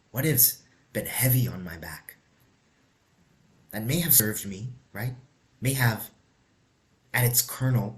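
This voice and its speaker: Low-voiced guy guiding a meditation, soft and casual, lots of "you know", drops to a whisper sometimes. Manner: soft-spoken, slow, drifting into whispers; conversational, says "you know" and "right?". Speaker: meditation leader. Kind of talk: guided meditation talk.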